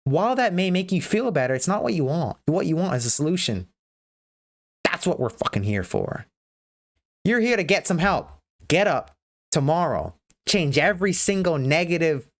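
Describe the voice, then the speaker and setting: A woman livestream host giving a blunt, profane motivational rant. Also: sits low.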